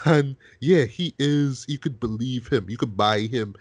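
A man hosting a film review podcast in casual chat, animated and profane, often tagging "right?" and restarting words. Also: mid-range voice, measured pace, slightly rough, no echo.

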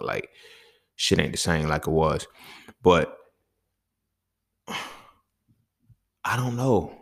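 A man with a very low, gravelly voice and plenty of vocal fry. He hosts his own podcast and rants in a heated, profane, exasperated way. He sounds like a young adult talking off the cuff. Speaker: podcast host. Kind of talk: casual solo podcast monologue.

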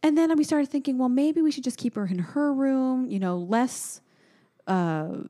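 A woman's voice: high voice, expressive, normal speed, mellow. Chatty woman telling family stories. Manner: chatty storyteller, laughs often. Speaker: podcast co-host. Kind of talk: casual chat.

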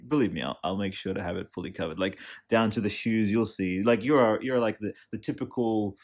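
A man hosting a casual podcast interview, excitable and riffing, swearing freely. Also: fairly low pitch, a little fast. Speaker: podcast host.

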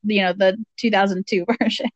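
A woman's voice: mid-range voice, steady tone, brisk, dry recording. A woman co-hosting a podcast in casual chat, rambling and hesitant, laughing as she talks. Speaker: podcast co-host. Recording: dry, dull lo-fi mic.

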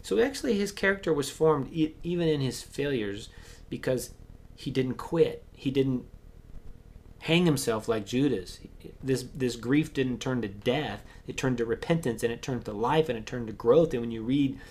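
A man preaching a sermon as pastor, acting out Bible voices and swinging between loud emphasis and hushed asides. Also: mid-range voice, normal speed.

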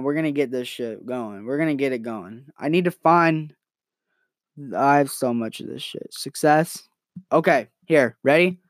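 A young man rambles through a home podcast in a hyper, loose, swear-heavy way. His voice sits a little high for a man. He talks close into a new microphone with a dry sound. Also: no echo. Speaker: podcast host. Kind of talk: casual podcast chat. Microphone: new desktop microphone.

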